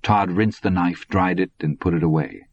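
A man narrating an audiobook in a husky voice. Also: low-pitched, moderate pace. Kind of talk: scripted narration. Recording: dull, lo-fi recording.

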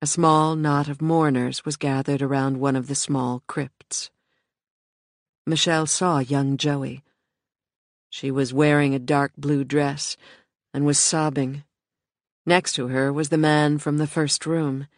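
A narrator reading an audiobook in a steady, measured way. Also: mid-range voice, no room sound, clean studio sound.

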